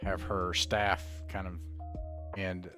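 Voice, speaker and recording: A man playing a tabletop game, describing his character's actions in a halting way. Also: sits low, level tone. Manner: halting, full of restarts. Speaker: player. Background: soft background music.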